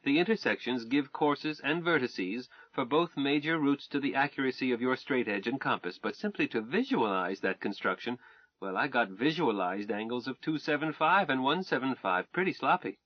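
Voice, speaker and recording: A man's voice: mid-range voice, animated, moderate pace, no echo, natural voice. Brainy young wife reciting numbers, earnest, a guy reading her, muffled dry audio. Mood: precise. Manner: earnest, precise, reciting calculations. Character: quick, math-minded young wife. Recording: dull dry recording.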